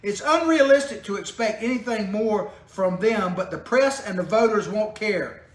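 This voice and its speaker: Hosting a political commentary program in an echoey little home studio, a man talks at normal speed in an expressive, high-pitched voice. His tone is casual and jokey, peppered with sarcasm and frequent chuckles.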